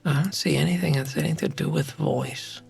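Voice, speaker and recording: A man's voice: fairly high pitch, a little fast, vocal fry, husky, faint music behind. A South African man, native Afrikaans speaker, chatting casually on a game stream and rambling as he thinks aloud. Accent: South African English.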